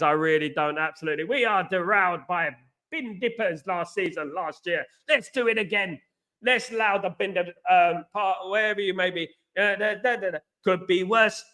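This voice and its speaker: A fired-up man chats through a football live stream, rambling and passionate as he answers viewers in the chat. His voice sits high for a man and has a bright, forceful edge. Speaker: livestream host and football fan.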